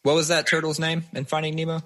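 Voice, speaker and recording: A man, a father and podcast co-host, chatting casually and telling animated stories with plenty of swearing. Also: a little high, quick pace. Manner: swears freely, animated storyteller. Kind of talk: casual chat.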